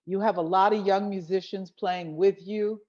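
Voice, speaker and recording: A woman's voice: mid-range voice, steady tone, moderate pace, darkish tone, lo-fi sound. A woman hosting an interview, asking questions and affirming her guests. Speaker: host. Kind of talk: interview conversation.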